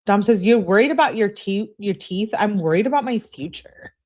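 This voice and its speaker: A woman's voice: mid-range voice, lively intonation, normal speed, few pauses, darkish tone. A woman commentator reading text messages aloud, breaking in with sarcastic, mocking asides. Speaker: true crime commentator.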